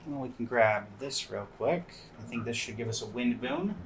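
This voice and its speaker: A man talking through a round of a game in an easy, casual way, at a middling pitch for a man, with dry, sarcastic asides. A steady hum of background noise sits under his voice. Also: normal speed. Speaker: game commentator. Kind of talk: casual gameplay commentary.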